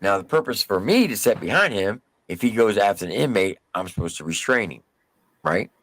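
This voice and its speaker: A man co-hosting a live stream, telling a story casually with drawn-out emphasis and mild cursing. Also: fairly low pitch, lively intonation, fairly bright tone.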